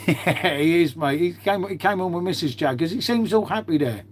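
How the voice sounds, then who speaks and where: A middle-aged man with a voice on the high side talks to his live-stream viewers at a moderate pace, sounding expressive and calling everyone mate. He rambles in a laid-back way, musing aloud as he tidies up. There's a faint hiss or hum in the recording.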